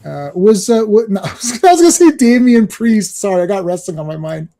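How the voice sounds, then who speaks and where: A man hosting a casual comics chat, rambling and excited, laughing often as he talks. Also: sits high, a little fast, gravelly. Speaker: podcast host.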